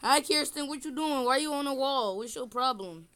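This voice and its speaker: A high-voiced older woman talks at a moderate pace with a fairly bright tone, playfully teasing family members during a game. The casual gameplay commentary comes from a phone screen recording.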